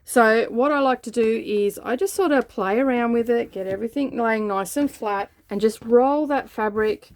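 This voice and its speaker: Woman, slightly high voice, easygoing sewing tutorial host. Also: moderate pace, few pauses. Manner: relaxed, chatty instructions with frequent "okay" and "all right". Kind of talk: step-by-step craft tutorial.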